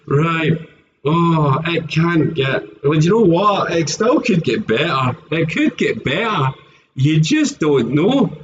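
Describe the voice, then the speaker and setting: A Scottish man chatting casually and joking on a live stream, often laughing, with a dull lo-fi sound. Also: on the high side. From Scotland. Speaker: streamer opening trading card packs.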